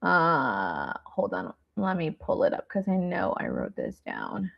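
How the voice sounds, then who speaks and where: A woman's voice: a bass voice, huge pitch swings, measured pace, vocal fry, few pauses. A woman hosting a grief masterclass as a nurse, talking in a raw, rambling, heartfelt way with lots of fillers. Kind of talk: candid live online talk. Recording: dull lo-fi stream audio.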